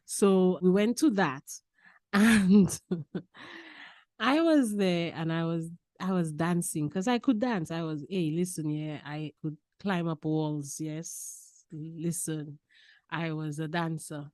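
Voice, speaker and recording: Podcast guest: a woman with a lowish voice, recorded dry and close, who tells her stories with laughter and repetition. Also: takes it slowly, no echo. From Saint Lucia. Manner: lively, laughing storyteller who repeats key phrases. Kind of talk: casual personal storytelling.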